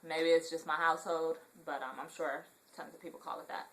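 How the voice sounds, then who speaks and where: A woman's voice: low-pitched, a little fast, low-quality recording. A young woman from Southern California with a Southern Californian accent and a congested, nasal voice, chatting casually in a rambling vlog full of ums. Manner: relaxed, rambling, many ums. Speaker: vlogger.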